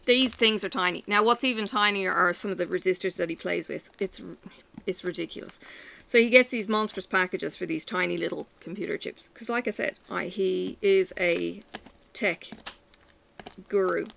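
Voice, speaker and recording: A woman chatting casually to camera in a lively, self-mocking way. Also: on the low side, normal speed, vocal fry. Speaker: vlogger.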